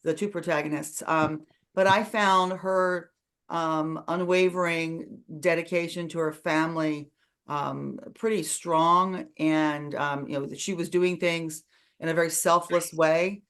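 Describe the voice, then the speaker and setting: A woman's voice: low voice, fairly even intonation, a little slow, a bit bright, clear, resonant tone. A woman hosting an online book club discussion over a video call, chatty and full of fillers.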